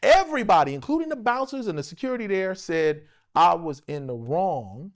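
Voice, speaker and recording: Animated, gravelly-voiced man telling a story. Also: high-pitched, brisk. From United States. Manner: animated, profane, acts out other people's lines. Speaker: interview guest, actor. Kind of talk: casual storytelling.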